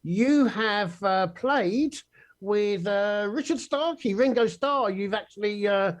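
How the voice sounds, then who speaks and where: A man's voice: high voice, slow. A male interview host who is enthusiastic and encouraging, giving frequent short responses. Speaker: show host.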